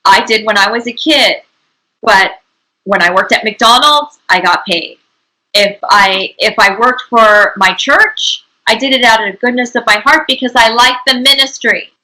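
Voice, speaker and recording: A woman interviewer with a bright, slightly high voice. She presses her guest with emphatic, indignant questions. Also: unhurried, rough recording. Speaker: host, interviewer.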